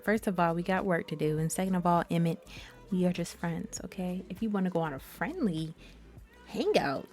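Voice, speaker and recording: A woman's voice: fairly low pitch, normal speed, soft background music. A young woman giving casual, chatty let's-play commentary and talking straight to her viewers. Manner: chatty, animated, addresses viewers as y'all. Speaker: gaming YouTuber.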